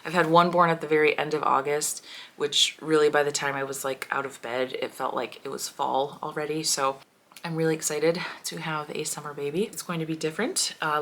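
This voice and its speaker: A woman in her thirties talking in a heartfelt personal vlog, soft and emotional, with a prayerful tone. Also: sits low, slight background noise. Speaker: homeschooling mom vlogger.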